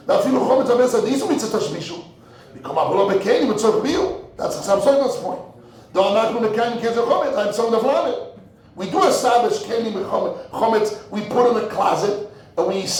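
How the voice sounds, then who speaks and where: Echoey rabbi mixing Hebrew into English. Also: male voice, high voice, a little mellow. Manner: mixes Hebrew and Yiddish terms, repeats words while thinking. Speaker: rabbi teaching Talmud. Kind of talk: in-depth Talmud lecture. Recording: very echoey room.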